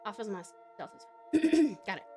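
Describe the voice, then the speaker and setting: A woman's voice: mid-range voice, sing-song, moderate pace, darkish tone. A bubbly Australian woman chatting with her stream audience and reading stories, laughing often. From Tasmania, Australia. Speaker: streamer and story narrator. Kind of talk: live-stream chat and story reading. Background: background music.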